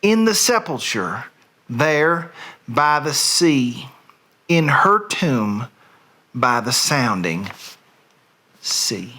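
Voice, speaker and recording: A bright, forceful male voice with a Southern drawl, set a little higher than most men's. He reads verse slowly, stretching each line and letting the ends fall, then talks in an easy, casual way. He sounds middle-aged and speaks from home. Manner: slow, drawn-out recital with falling line ends. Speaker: host. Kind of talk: dramatic poetry reading, then casual chat.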